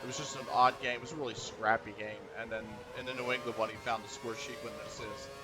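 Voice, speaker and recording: An American man streaming a racing game chats casually, telling loose, rambling stories and laughing often. His mid-range voice holds a steady tone, and he talks fast.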